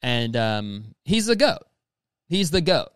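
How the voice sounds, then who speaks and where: A young man riffs through messages in loose, profane commentary, calling everyone "dude" and slipping into mocking voices. His pitch swings widely from line to line. The sound is dry and close, with no room around it. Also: sing-song, slow pace, clear, resonant tone, no room sound. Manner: profane, rambling, says "dude" constantly; mocking, slips into exaggerated quoted voices. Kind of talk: casual comedic commentary reading messages aloud.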